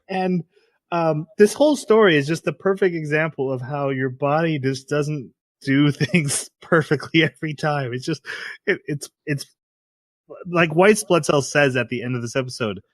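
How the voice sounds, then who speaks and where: A man's voice: on the high side, a little slow, no echo, clean studio sound. A man hosting a casual podcast, rambling through an anime episode, laughing often and acting out quotes. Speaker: podcast host.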